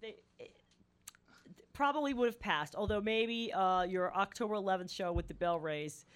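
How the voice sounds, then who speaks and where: A woman's voice: mid-range voice, moderate pace, clear, resonant tone. A woman hosting a radio show, chatting casually with a band, laughing often and restarting her sentences. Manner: giggly, chatty, many restarts. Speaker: radio host.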